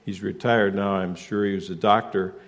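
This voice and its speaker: A man preaching a sermon as pastor, emphatic, asking rhetorical questions and shifting suddenly between loud and soft. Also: sits low, steady tone, normal speed.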